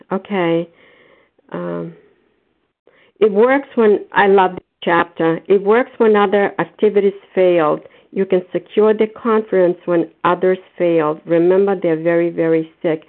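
A woman from Massachusetts giving a grateful share at a recovery meeting, often repeating words for stress. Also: on the low side. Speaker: meeting member sharing. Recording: phone-line audio.

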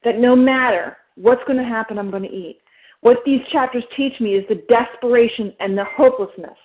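A woman's voice: a little high, a little hiss or hum. A woman with a New Jersey accent giving an emphatic, step-by-step share at a recovery meeting. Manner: emphatic, fast-talking, explains step by step. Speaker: meeting member sharing. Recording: phone line.

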